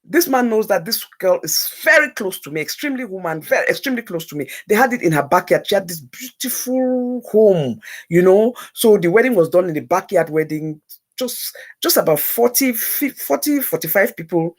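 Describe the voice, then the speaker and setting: A woman with a medium-pitched voice speaks at a moderate pace. As a talk-show guest, she shares an emotional personal story with animation, repeating phrases for emphasis.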